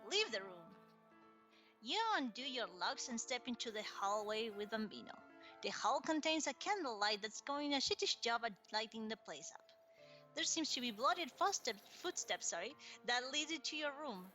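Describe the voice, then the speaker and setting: A young woman reads an interactive story aloud in a playful, joking way. Her voice is bright and somewhat high. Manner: playful, swears, laughs often. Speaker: co-host reading an interactive story.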